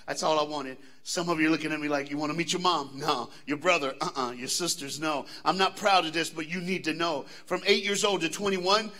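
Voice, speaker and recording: A man from the American South with a Southern accent, giving a live motivational speech to students at a school assembly and calling out questions to the crowd. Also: on the high side. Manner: animated, engages the crowd with call-outs and questions. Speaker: motivational speaker.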